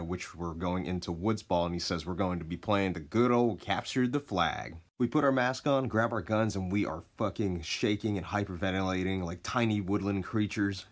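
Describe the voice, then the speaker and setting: A man casually telling a story, laid-back and expressive, with plenty of swearing. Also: low voice.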